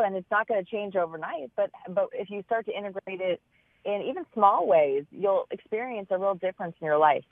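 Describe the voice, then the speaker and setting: Heard through a tinny phone connection with no room sound, a woman speaks at medium pitch. An author who also runs a business, she gives thoughtful, earnest interview answers, frequently starting phrases over while hunting for the right words.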